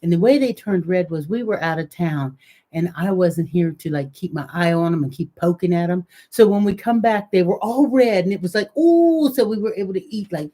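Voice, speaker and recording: A woman's voice: on the low side, a little fast, warm tone. An older woman with a Southern US accent, co-hosting a casual live chat in a playful, teasing way. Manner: playful and teasing, laughs often. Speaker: co-host of a live show.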